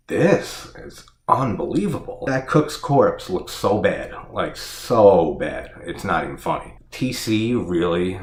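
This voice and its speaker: A man with a lowish voice delivers an exasperated, profane horror film review rant, breaking into laughter and leaning on "like" at every turn. His voice bounces around an echoey room. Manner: exasperated, profane, laughs often, filler "like" throughout.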